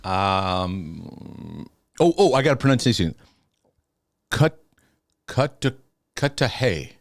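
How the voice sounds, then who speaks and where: A man's voice: low-pitched, big pitch swings, slow, gravelly, no echo, studio quality. A man hosting a live-streamed Q&A, chatting casually with viewers, laughing often and restarting his sentences. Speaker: host of a live Q&A.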